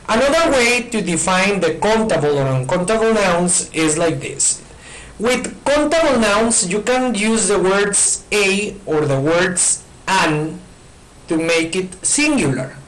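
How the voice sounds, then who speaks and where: A man's voice: sits high, a bit bright, low-quality recording. Man w/ teaching english at a board, patient, repeats stuff, keeps saying okay. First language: Spanish. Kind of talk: recorded classroom explanation. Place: in front of a board.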